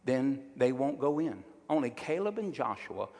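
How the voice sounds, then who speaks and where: A man's voice: medium pitch, very animated, moderate pace, darkish tone, big-room sound. A male pastor preaching a sermon, emphatic and drawing call-and-response from his congregation.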